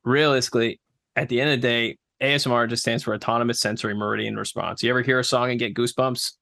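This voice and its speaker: A man guesting on a podcast, talking in a relaxed, explanatory way with plenty of fillers. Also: mid-range voice, fast talker, creaky, no echo, clean studio sound. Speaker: podcast guest, ASMR creator. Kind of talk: casual podcast chat.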